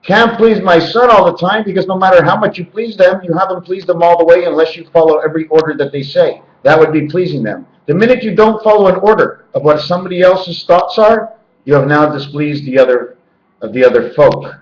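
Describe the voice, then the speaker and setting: A man's voice: on the high side, fairly quick. A man rambling to his handheld camera indoors at home, jumping between loose word and number associations. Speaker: vlogger. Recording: echoey, dull lo-fi camera audio.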